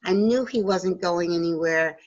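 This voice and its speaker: A woman's voice: fairly low pitch, unhurried. A woman hosting a spiritual radio interview, affirming her guest often with repeated yeses. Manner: affirming, frequent "yes". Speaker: radio show host. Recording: lo-fi call audio.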